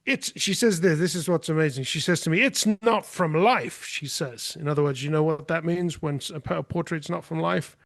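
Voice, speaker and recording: A man's voice: a little high, fairly even intonation, fairly quick, vocal fry, few pauses, dry recording. A man talking as a podcast guest, telling a story in a forthright, emphatic way. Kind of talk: casual storytelling.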